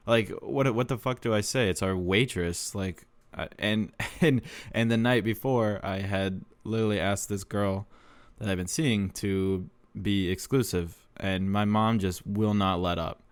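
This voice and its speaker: A man's voice: fairly low pitch, fairly even intonation, a little slow, clean tone, dry recording. A young man hosting a podcast, telling a rambling, profane, self-deprecating story and laughing often. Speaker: podcast host. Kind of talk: casual storytelling monologue.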